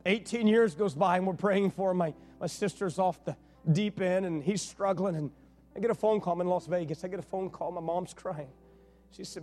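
A man preaching as a pastor, telling a personal story in a conversational, animated way and acting out the dialogue. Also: high-pitched, a little fast, faint music behind. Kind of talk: sermon storytelling.

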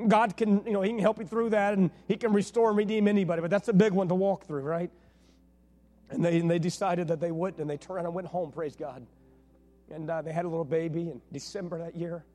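High-voiced pastor telling a story. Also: male voice, fast talker, faint music behind. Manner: conversational, animated retelling with quoted dialogue. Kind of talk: sermon storytelling.

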